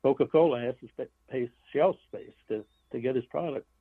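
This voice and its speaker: A man's voice: medium pitch, a little fast, slightly rough, no room sound. Guy on a phone line, tinny sound, dry, stops and restarts a lot, blunt opinions. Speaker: author and guest. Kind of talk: interview over the phone.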